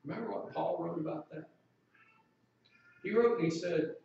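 A man's voice: fairly high pitch, normal speed, gravelly, long pauses, dark tone, very echoey, far from the mic, dull audio. A man preaching a sermon in a conversational way, asking the congregation questions.

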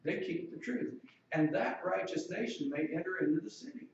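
A man's voice: high-pitched, lively intonation, moderate pace, heavy reverb, distant mic, lo-fi sound, slight background noise. A man preaching a sermon in a conversational way, asking the congregation questions.

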